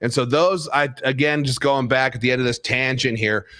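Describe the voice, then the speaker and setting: A man's voice: medium pitch, steady tone, moderate pace, pushed and bright. A man co-hosting a political podcast, telling long emphatic stories in an opinionated, rambling way. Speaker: podcast co-host.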